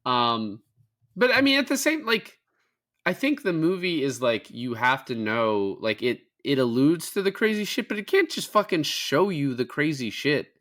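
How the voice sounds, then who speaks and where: A man's voice: medium pitch, lively intonation, moderate pace, hardly any pauses, a bit bright. A young man co-hosting a casual film review podcast, retelling scenes with lots of swearing and fillers. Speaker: podcast co-host.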